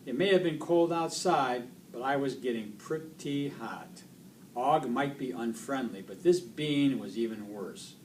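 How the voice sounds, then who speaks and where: A man reading a children's book aloud in an expressive storytelling voice. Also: medium pitch, unhurried. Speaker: reader. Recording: distant mic, faint noise.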